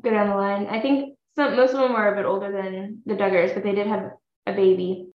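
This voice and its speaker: A woman's voice: medium pitch, steady tone, a little fast. A young woman co-hosting a podcast in casual chat, hesitant and giggly with many fillers. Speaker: podcast co-host. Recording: echoey, dull lo-fi sound.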